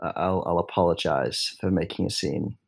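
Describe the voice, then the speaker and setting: A man playing a tabletop game, talking his way through his plans and often restarting. His voice sits a little low. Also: normal speed, creaky, slightly rough. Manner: thinking aloud, hesitant, many restarts. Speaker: player. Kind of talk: casual tabletop game play.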